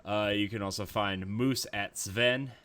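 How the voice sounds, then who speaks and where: A man's voice: on the low side, fairly even intonation, unhurried, a crowd in the background. A man hosting a gaming podcast, reading out links and sign-off in an easygoing way with fillers. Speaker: podcast host. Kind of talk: casual podcast outro.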